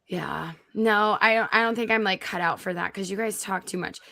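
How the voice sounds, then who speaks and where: A woman's voice: medium pitch, normal speed, creaky, bright, forceful tone, slight background noise. A woman filling in as co-host in a casual, laughing, self-deprecating sports chat. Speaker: fill-in co-host. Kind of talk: casual chat on a live stream.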